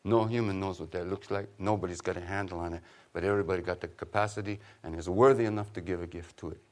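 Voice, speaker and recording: A man giving an informal public talk to an audience, an animated storyteller who jokes and urges his listeners with a preacher's insistence. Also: sits low, fast. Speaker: author and teacher giving a talk.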